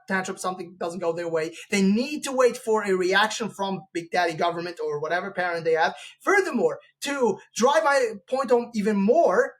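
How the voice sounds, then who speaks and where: A man's voice: high voice, fairly bright tone. Man hosting, rambling opinionated talk. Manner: rambling, with frequent restarts and acted-out quoted voices. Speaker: podcast host. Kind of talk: opinionated conversational monologue.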